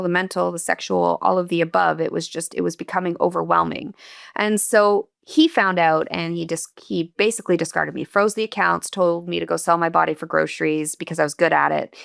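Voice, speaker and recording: On an interview podcast, a woman guest earnestly and candidly shares a personal story, reflective and emotional. Her voice sits on the low side and is creaky, captured in a dry, studio-quality recording.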